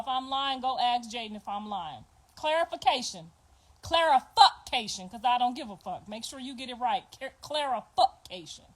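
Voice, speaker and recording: Middle-aged woman host, high-pitched, loud and animated storyteller. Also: rough recording. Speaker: podcast host. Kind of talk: casual storytelling.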